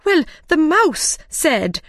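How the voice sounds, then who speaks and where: A jittery, flustered storybook hatter squeaks out his defenses in a high, anxious voice, as a woman acts him out. He sounds pitched well above her plain reading voice. The sound is close and dry. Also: very animated, takes it slowly, dry recording, exaggerated voice. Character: nervous, flustered male Mad Hatter.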